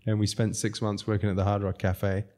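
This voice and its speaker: A low-pitched man tells long, rambling anecdotes as a podcast guest. He is from South Africa, speaks casually, and breaks into small laughs between sentences. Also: level tone, a little fast, warm tone. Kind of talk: casual storytelling.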